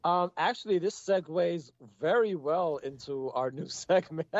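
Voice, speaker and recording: Guy hosting a podcast, kinda high voice, jokey grand announcer vibe, dry room. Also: a little slow, few pauses, no room sound. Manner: playful, mock-grand announcing. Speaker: podcast host. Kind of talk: casual podcast chat.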